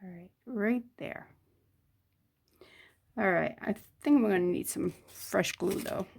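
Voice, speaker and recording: A woman's voice: medium pitch, slow, vocal fry, darkish tone, breathy edge. An older woman chatting casually as she works on jewelry, muttering to herself between remarks. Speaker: jewelry crafter. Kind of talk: casual crafting chat.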